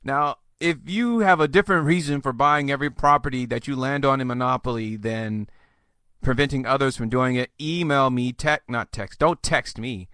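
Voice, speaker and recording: A man's voice: mid-range voice, normal speed, sharp tone, no room sound, studio quality. A man hosting a solo podcast, giving fantasy football advice in a chatty, joking, rambling way. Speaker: podcast host.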